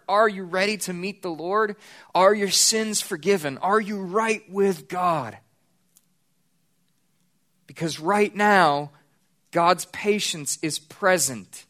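A man's voice: fairly high pitch, a bit bright. Earnest male pastor preaching. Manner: earnest, slows down to stress key points. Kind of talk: sermon.

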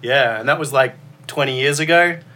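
A man's voice: medium pitch, a little fast, sharp tone, a little hiss or hum. A man hosting a casual podcast, telling a long story with lots of fillers. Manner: rambling storyteller, many fillers. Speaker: podcast host.

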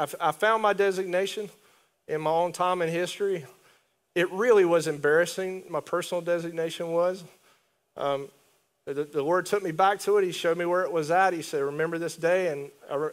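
Preacher, male, higher voice, animated and chatty delivery to a congregation. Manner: conversational, animated preaching with asides and laughs. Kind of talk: sermon.

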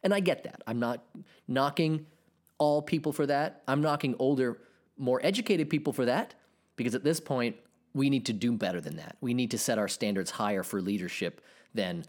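A man's voice: mid-range voice, normal speed. A man in his thirties hosting a solo podcast, ranting and swearing as he reacts to online posts. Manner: animated, profane ranting. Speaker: podcast host.

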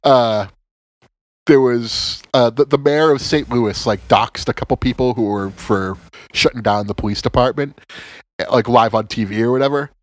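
Here a podcast co-host chats casually at a moderate pace, his medium-pitched voice recorded with no room sound. Animated and sarcastic, he swears often and tends to stammer and restart his sentences.

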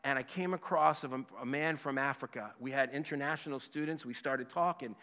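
A man in his fifties preaching a sermon, emphatic and impassioned, then dropping to a hushed voice for a personal story. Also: mid-range voice, brisk. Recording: long hall reverb.

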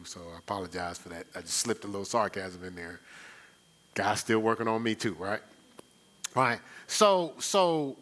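A man's voice: on the low side, bright, forceful tone. A male pastor preaching a live church sermon in a conversational way, often checking in with the congregation. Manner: conversational, rhetorical, checks in with "right?".

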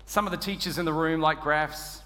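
Australian man, preacher, high bright voice, joking storyteller, reverberant church hall. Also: fast. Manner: humorous, self-deprecating, animated storytelling. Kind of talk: sermon.

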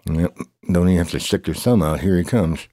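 A man improvising a playful story, rambling and excitable, with grunts, humming and race-call cheering. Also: deep voice, brisk, no room sound, studio quality.

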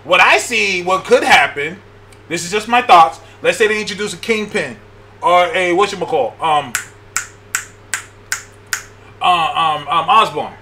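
A man with a high, bright voice in loose, casual conversation. He talks with excitable energy, laughs often and swears freely as he spins out his ideas. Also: a little slow, long pauses, slight background noise. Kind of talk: casual chat.

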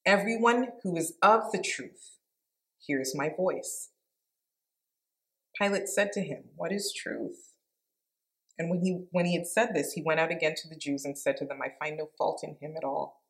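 A woman with a deep voice gives an informal devotional Bible teaching at normal speed. She reads scripture aloud and reflects on it in an earnest, conversational way.

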